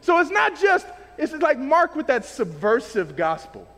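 A man preaching a sermon in a casual, animated way, using everyday slang as he explains scripture. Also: very high voice, a little slow, big-room sound.

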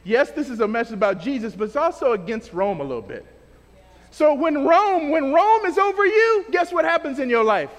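Speaking briskly, the male preacher sends his very high voice through wide swoops and big pitch swings. He keeps the sermon casual and slangy, heard in a hall with long reverb.

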